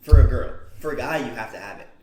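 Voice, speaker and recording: A man's voice: medium pitch, fast, mellow. A man co-hosting a casual podcast chat, trading dry jokes with his co-host. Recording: echoey room with faint noise.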